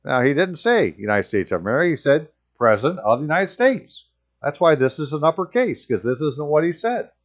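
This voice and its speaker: A man's voice: a little high, very animated, fairly quick, highs cut off. A man reading passages aloud and commenting on them in casual, sarcastic asides as a channel host.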